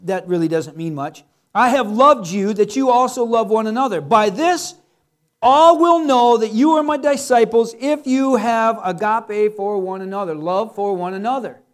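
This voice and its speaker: A man's voice: extremely high pitch, very animated, a little slow. A middle-aged man preaching a sermon in a conversational, joking way, with many rhetorical questions. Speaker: pastor.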